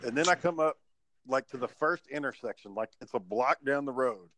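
A man's voice: mid-range voice, fairly quick. A man telling a story in casual podcast chat, cursing freely and acting out his own past lines. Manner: swearing, animated storytelling.

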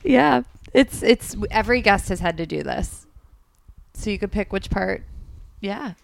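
A woman's voice: mid-range voice, animated, unhurried, vocal fry. A young woman hosting a podcast in casual chat, giggly and playfully teasing. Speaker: podcast host.

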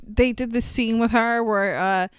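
High-voiced, sarcastic young woman podcaster. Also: steady tone, a little slow, clear, resonant tone, no room sound. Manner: sarcastic, incredulous, swears freely, laughs often. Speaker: podcast co-host. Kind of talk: casual comedic movie recap.

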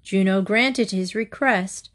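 A woman storyteller reading short fables aloud in a measured, deliberate way. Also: medium pitch, fairly bright tone.

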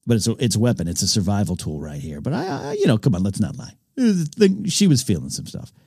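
A man with a fairly low voice talks through a show episode as a podcast host. He is eager and rambling, circling back on his words. The sound is dry and close. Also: wildly swooping pitch, fast, vocal fry, mellow, slightly rough, no echo. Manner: enthusiastic, rambling, with frequent restarts. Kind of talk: casual episode recap commentary.

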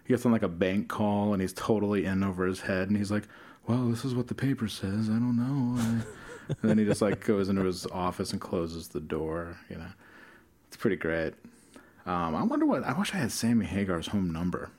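A man's voice: sits low, animated, fairly quick, a little mellow. A man co-hosting a podcast in casual chat, laid-back, swearing often and laughing a lot. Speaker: podcast co-host.

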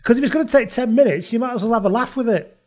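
A man's voice: very high voice, very fast, darkish tone. A man, a podcast guest, telling stories in casual chat, swearing and laughing.

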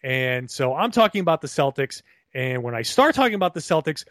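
This podcast co-host joins remotely over a call and chats casually, going on in long, animated, meandering stretches with frequent restarts. He speaks fairly quickly with a fairly high, somewhat bright voice and a very animated manner. There's no room sound, just clean studio audio.

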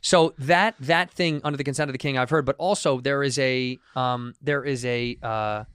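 A man co-hosts a casual podcast, joking, swearing, and laughing as he reads articles aloud. His medium-pitched voice is clear, resonant, and fairly bright, with fairly even intonation and a normal pace. The sound is clean studio audio with no echo.

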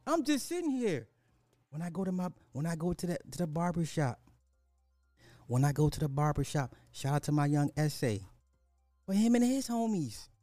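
A man's voice: on the high side, animated, normal speed, dark tone, dry recording, clean studio sound, soft background music. A man hosting a social commentary podcast, speaking bluntly and often repeating rhetorical questions. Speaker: podcast host.

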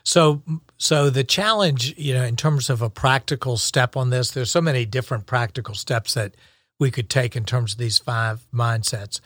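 A man talks through ideas on a podcast in a steady, middle-pitched voice, reflective and encouraging, pausing and restarting as he thinks. The recording is dry and close, with no room sound. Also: dry recording. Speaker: podcast co-host. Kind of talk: casual podcast chat.

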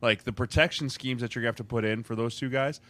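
A man's voice: medium pitch, fast talker, sharp tone, no echo. A man co-hosting a casual sports podcast, a college line coach who explains plays and keeps adding "right?" and "like".

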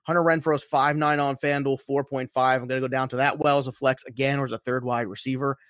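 A man's voice: medium pitch, flat delivery, quick pace, fairly bright tone, no room sound, clean studio sound. A man co-hosting a fantasy football show, chatting casually and emphatically, repeating points for emphasis. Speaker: fantasy football podcast co-host. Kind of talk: casual sports betting chat.

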